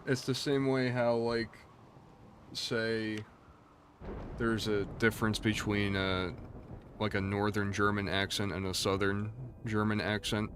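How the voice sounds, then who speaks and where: A man's voice: on the low side, level tone, a little slow, a bit bright, a little hiss or hum. A man streaming a game, chatting casually and answering his viewers in a rambling, easygoing way. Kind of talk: casual livestream chat.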